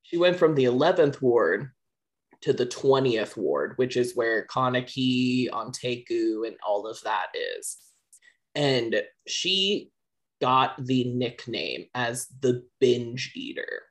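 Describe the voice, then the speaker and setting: A man's voice: medium pitch, expressive, slow. A man hosting a podcast, casually retelling an anime plot in a laid-back, profane way. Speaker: podcast host.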